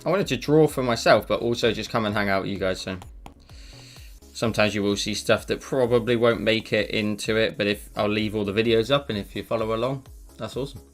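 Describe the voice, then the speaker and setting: A man's voice: lowish voice, fairly quick, soft background music. A man chatting casually on a live stream while he draws, rambling with self-deprecating asides into a desk mic. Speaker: live-streaming digital artist.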